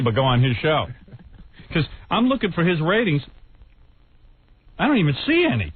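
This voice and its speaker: A man's voice: fairly high pitch, wildly swooping pitch, normal speed, pauses often, slight background noise. A man hosting a radio show, talking in a casual, sarcastic, mocking way. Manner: sarcastic, mocking, laughs often. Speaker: radio host. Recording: tinny phone-like broadcast.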